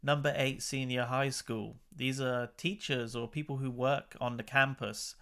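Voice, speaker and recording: A man's voice: medium pitch, fairly even intonation, unhurried, pushed and bright, smooth. A man hosting a channel, chatting casually and with exasperation as he comments on news clips. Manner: chatty and exasperated, laughs between remarks. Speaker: channel host.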